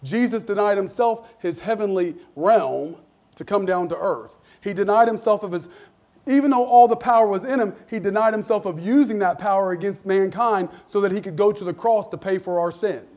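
At a normal speed and in a high voice, a male pastor delivers a conversational sermon that sinks to soft asides and climbs to emphatic points.

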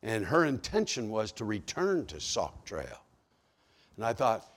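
A man preaching a sermon, telling a story with acted-out dialogue and swinging from hushed to loud. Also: medium pitch, very animated, a little slow. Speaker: pastor.

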